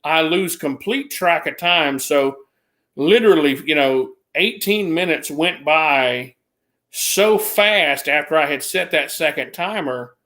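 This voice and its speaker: A man's voice: a little high, lively intonation, slow, bright, forceful tone. A man casually telling a long rambling story, restarting sentences and raising his voice to mimic others.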